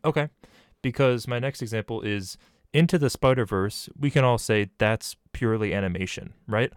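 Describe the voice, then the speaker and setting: A man's voice: lowish voice, moderate pace, clear, resonant tone, no room sound, studio quality. A man hosting a casual film podcast, steering the talk with questions and examples. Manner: asks probing questions. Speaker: podcast host.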